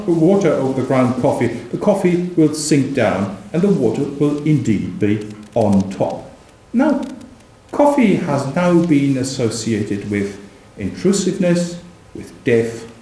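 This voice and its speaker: Slow, animated male lecturer in a roomy hall. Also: mid-range voice. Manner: measured, reads period verse aloud with emphasis. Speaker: visiting professor giving a lecture. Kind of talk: academic lecture.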